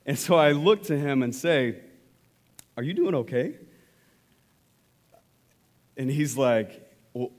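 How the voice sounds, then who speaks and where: A man preaching a sermon, telling a personal story in a conversational, animated way before turning to scripture. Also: medium pitch. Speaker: pastor.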